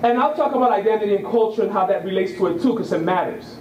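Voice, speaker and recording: A man's voice: high voice, quick pace, darkish tone, roomy sound, far from the mic, a little hiss or hum, rough recording. A man in his thirties from Puerto Rico gives a public talk, telling stories and often checking in with "right?". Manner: conversational storyteller, keeps asking "right?". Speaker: guest speaker. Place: lecture room.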